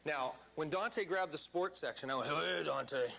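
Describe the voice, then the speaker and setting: A man telling a story to a live seminar audience, animated and theatrical. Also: a little high, moderate pace, a little hiss or hum. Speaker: seminar speaker.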